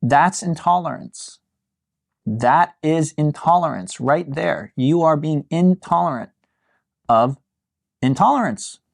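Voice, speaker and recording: A man teaching a yin yoga class, talking to his students in a relaxed, musing way with light amusement. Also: on the high side, takes it slowly, creaky, no room sound, clean studio sound.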